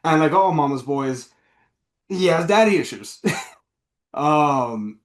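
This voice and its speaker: A man's voice: a little high, animated, slow, echoey room. A man co-hosting a movie review podcast, talking in a loose, rambling, profane way. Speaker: podcast co-host. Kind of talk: casual movie review chat.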